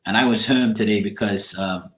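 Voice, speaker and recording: A man's voice: on the low side, steady tone, normal speed. A man chatting casually to camera, rambling and blunt, with casual swearing. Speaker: tarot reader. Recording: echoey room.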